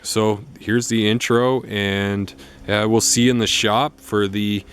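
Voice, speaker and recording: An excited Canadian man speaks in a somewhat low voice, stumbling over plenty of uh and um as he talks beside a vehicle. A faint hum of the vehicle sits behind him. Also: takes it slowly. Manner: enthusiastic, with frequent fillers. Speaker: vlogger. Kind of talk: excited casual vlog.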